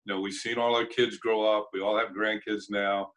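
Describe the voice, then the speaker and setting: An older man, a former ballplayer, telling relaxed anecdotes with chuckles in an interview. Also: on the low side, moderate pace, low-quality recording. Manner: chuckling anecdotes, acts out quoted voices. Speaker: former ballplayer and broadcaster, guest. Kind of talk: casual storytelling interview.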